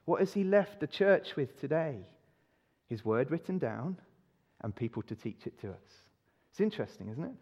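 Man, preacher, sermon, emphatic rhetorical questions, slightly high voice, long hall reverb. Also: big pitch swings, normal speed, a little mellow. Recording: dull recording in a reverberant hall.

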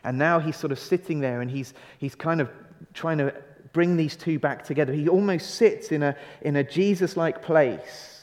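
A man's voice: on the high side, moderate pace, darkish tone. Earnest male preacher in a reverberant hall. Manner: earnest, stretching key phrases for emphasis; conversational, with restarts and rhetorical questions. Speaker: pastor. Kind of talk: sermon.

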